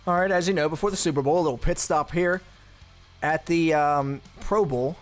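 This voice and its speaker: Faint music plays behind a man with a higher-pitched voice speaking at a moderate pace. Hosting a gaming channel, he commentates his own football video game play in a casual, chatty way. He thinks aloud and throws in blunt asides.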